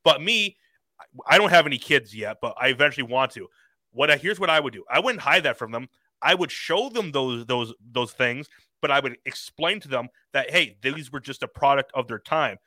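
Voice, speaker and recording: A young man guesting on a podcast, talking in halting casual chat with many "um" and "like" restarts. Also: medium pitch, expressive, pushed and bright, no room sound. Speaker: podcast guest, hip hop artist.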